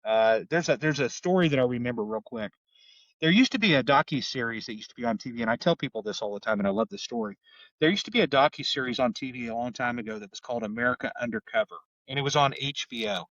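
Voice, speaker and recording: A man's voice: mid-range voice, quick pace, a bit bright, dry recording, recorded from a distance, lo-fi sound. A middle-aged man with an Oklahoma accent, a homicide detective telling stories in a podcast interview in an earnest way, often repeating words. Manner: earnest, repeats words, acts out quoted voices.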